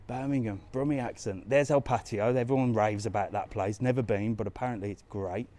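A travel vlogger live-streams a walking tour through the streets and squares of a resort town, chatting casually and answering viewer comments along the way. His voice is medium in pitch and dark in tone, at a moderate pace.

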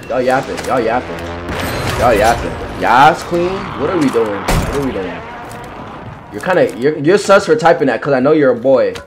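Over a noisy background, a young man with a mid-range voice streams a video game and chats casually with viewers. He teases them playfully, trash-talking with lots of slang and repeated phrases.

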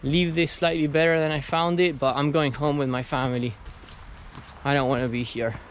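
A man's voice: fairly high pitch, steady tone, normal speed, slight background noise. A young man vlogging from a camp on a lake island, talking straight to camera in a frustrated, ranting way. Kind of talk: outdoor vlog.

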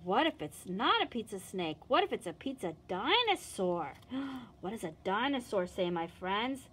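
A woman, a children's librarian, reading a picture book and singing a song to young children in an animated, sing-song manner. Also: mid-range voice, measured pace, a little hiss or hum.

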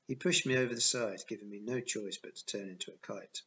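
A man's voice: lowish voice, fairly quick, fairly bright tone, dull audio. A man reading a novel aloud as an audiobook, narrating plainly in the first person. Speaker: audiobook reader.

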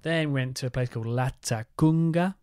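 A man co-hosts a travel podcast, talking in a relaxed, jokey way. His pitch sits in the middle, and the recording is dry and close. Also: moderate pace, smooth, no echo. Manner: relaxed, chatty, jokey asides. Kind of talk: casual chat.

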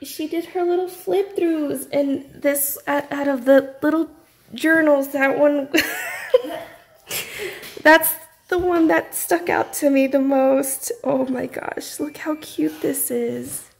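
A woman's voice: high-pitched, fairly even intonation, takes it slowly, creaky, slight background noise. A woman, gushing as she unboxes crafts in a casual home vlog. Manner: effusive, gushing. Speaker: craft vlogger.

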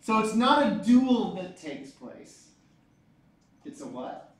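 A man's voice: sits high, takes it slowly. Joking male teacher in an echoey classroom. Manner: lively, joking, asks the class questions. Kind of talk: classroom lecture.

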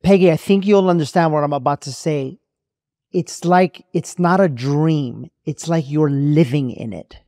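A man's voice: a little high, measured pace, dark tone, no room sound, clean studio sound. A man hosting a podcast, reacting reflectively and searching for words in a casual interview. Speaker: podcast host.

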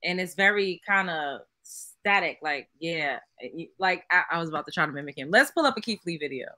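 Blunt, sharp-voiced woman co-host. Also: on the low side, expressive, fairly quick, dry recording, studio quality. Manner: blunt, profane, exasperated. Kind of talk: casual chat.

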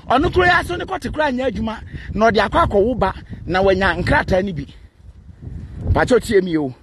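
A man's voice: very high voice, animated, brisk, gravelly, fairly bright tone, slight background noise. A Ghanaian man, a Twi speaker, delivering a defiant, mocking rant to camera and mixing Twi with English. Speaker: vlogger answering a critic. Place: outdoors beside a busy road.

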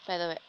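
A high, bright voice with a forceful tone belongs to a young woman commentating a video game while sick with a sore throat. Her let's-play chatter is casual, full of sarcastic asides and self-deprecation. The audio quality is poor.

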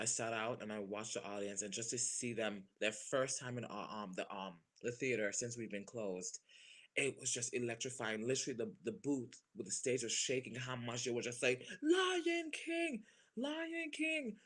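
A man in his thirties, a stage performer, gushing in a casual interview and laughing often. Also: on the low side. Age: 30s. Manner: animated, gushing, quick to laugh.

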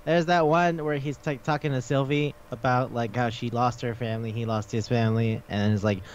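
A man's voice: mid-range voice, fairly even intonation, a little fast, few pauses, highs cut off, a little hiss or hum. A man co-hosting a casual podcast chat, rambling and laughing, with lots of swearing. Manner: laughing, profane, rambling retelling. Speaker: podcast co-host.

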